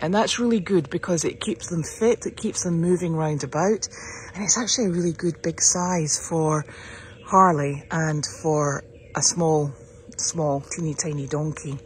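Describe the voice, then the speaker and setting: A woman's voice: deep voice, a little slow. Woman, sanctuary keeper, chatty and upbeat, walking outdoors with a phone, a faint hiss behind her. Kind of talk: casual walk-around vlog. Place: outdoors on a farm, walking the paddocks.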